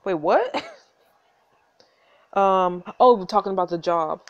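A woman's voice: medium pitch, animated, takes it slowly, lo-fi sound. A woman hosting a gaming channel, reading a story game aloud with chatty asides and frequent laughter.

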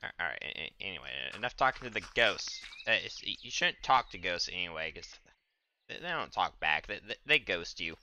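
A young man talking over his game stream with a very bright, edged voice. He stammers constantly, repeating words as he restarts, and his pitch swings widely when he shouts down the monsters. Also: sing-song, a little fast, a little hiss or hum. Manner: trash-talks the game's monsters, loud bursts of exasperation. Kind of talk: casual gaming commentary.

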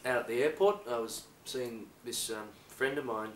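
Man, low voice, halting confessional delivery, roomy echo with faint background noise. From Australia. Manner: hesitant, halting, full of fillers. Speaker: improvising actor. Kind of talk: improvised confessional monologue. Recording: echoey room, voice distant from the mic.

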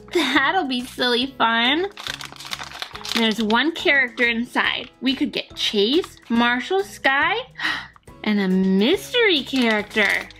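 A woman's voice: high voice, fairly bright tone. A woman narrating a toy unboxing for children, gushing and gasping sweetly at each surprise.

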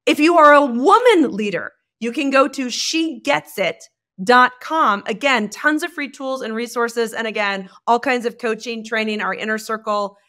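A woman guest on a podcast, a leadership coach, talking in a bubbly, expressive way and laughing often. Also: fairly high pitch, moderate pace. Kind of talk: casual podcast interview.

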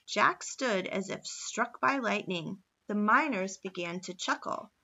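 Bright-voiced woman reading a story aloud. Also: medium pitch, unhurried, vocal fry, lo-fi sound. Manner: steady storytelling. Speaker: reader. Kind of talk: reading a children's novel aloud.

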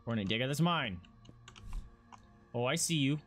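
A man streams a video game and talks over it in a lively voice that swings up and down. He swears freely and gets excitable, chatting away to himself and his viewers. Faint music plays under his voice. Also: mid-range voice, moderate pace. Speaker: gaming streamer. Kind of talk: casual let's-play commentary.

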